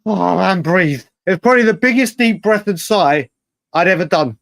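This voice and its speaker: A man co-hosting a podcast, telling stories in an animated, rambling casual chat with many restarts. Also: high voice, normal speed, vocal fry, no echo. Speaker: podcast co-host.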